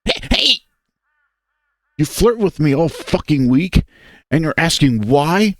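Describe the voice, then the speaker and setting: A man's voice: on the high side, expressive, takes it slowly, fairly bright tone, dry recording, clean studio sound, voice pushed up, full character voice. Man doing an angry lovesick furry guy. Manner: pushy, swearing, voice breaking.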